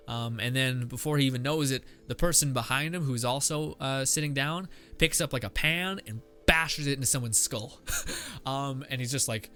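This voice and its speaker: A man's voice: mid-range voice, a little fast, sharp tone. A man hosting a podcast, working out a story on the spot, rambling and thinking aloud with lots of fillers and swearing. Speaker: podcast host. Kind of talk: improvised story brainstorming. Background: faint background music.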